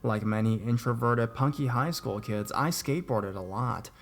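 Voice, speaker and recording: A young man narrating scary stories in a steady reading voice that rises at the shocking parts. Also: medium pitch, normal speed, vocal fry. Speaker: horror story narrator. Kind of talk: scripted horror story narration.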